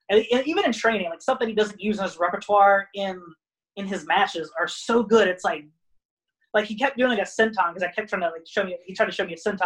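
A young man, a guest wrestler, rambling casually with lots of "like" and animated retellings of stories. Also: high voice, poor audio. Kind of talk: casual podcast chat.

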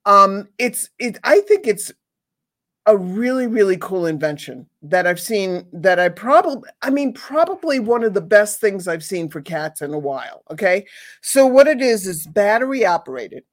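A woman's voice: medium pitch, sing-song, moderate pace. Woman gushing about cat toys, rambly, keeps restarting sentences, regular mid voice. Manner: rambling, enthusiastic, many restarts. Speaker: pet product reviewer. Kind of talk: casual chat.

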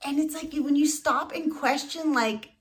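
A woman's voice: high-pitched, a little slow. Woman, podcast co-host, casual chat, filler-heavy, loose and talkative. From United States. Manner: chatty, many "like" fillers, restarts mid-thought.

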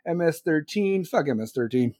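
A man's voice: a little high, expressive, moderate pace, dark tone, no echo, studio quality. A young man hosting a livestream, ranting sarcastically and swearing constantly while reading chat. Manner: crude, sarcastic, swears constantly, laughs at own jokes. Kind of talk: profane rant reacting to chat.

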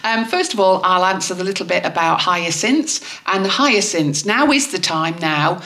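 A woman's voice: on the low side, animated, normal speed, fairly bright tone. A woman co-hosting a gardening podcast, chatting and teasing with frequent laughs. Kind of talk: casual chat. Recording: roomy echo.

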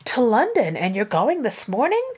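An anxious, genteel middle-aged mother, earnest and polite, as a woman reading aloud puts her on. Her voice sits noticeably higher than a plain speaking voice. She is a storybook figure, read rather than staged. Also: huge pitch swings, normal speed, a little mellow, slightly rough, heavily acted. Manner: earnest, raised pitch.

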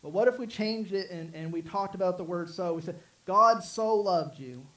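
A pastor with a high, darkish-toned voice preaches briskly over poor audio. His sermon is earnest and rambling, repetitive, with frequent restarts and fillers.

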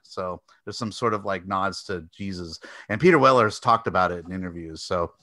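A man co-hosting a casual podcast, retelling movie scenes in an animated way with laughs and acted-out bits. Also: sits low, moderate pace, no echo. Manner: animated storyteller who acts out scenes with squeals and laughs. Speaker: podcast co-host. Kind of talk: casual chat about movies.

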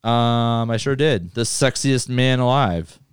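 Smooth-voiced man hosting a movie podcast. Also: medium pitch, no echo, clean studio sound. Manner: loose, profane, reads lists quickly. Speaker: podcast host. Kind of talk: casual movie podcast chat.

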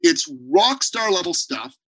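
A man with a high, bright voice speaks as an interview guest, blunt and emphatic. He tells stories with plenty of animation. The sound is dry and close. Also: very animated, a little slow, no room sound, rough recording. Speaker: podcast guest, business owner. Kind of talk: energetic interview talk.

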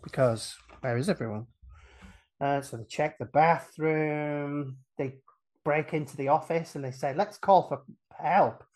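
A man on a casual podcast, retelling a film's plot with lively energy, acting out the characters' lines and laughing often. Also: fairly high pitch, unhurried. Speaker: podcast guest retelling a film.

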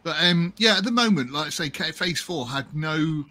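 A man's voice: fairly high pitch, lively intonation, moderate pace, crowd noise. A British man hosting a casual podcast chat, jokey and rambling. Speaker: host.

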